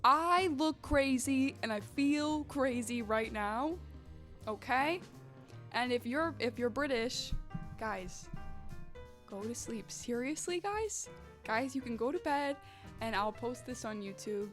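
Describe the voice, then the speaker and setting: A woman's voice: fairly high pitch, lively intonation, slow pace, a bit bright. A woman livestreamer in a casual late-night chat with her viewers, bubbly and rambling, wired and restless after coffee. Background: faint background music.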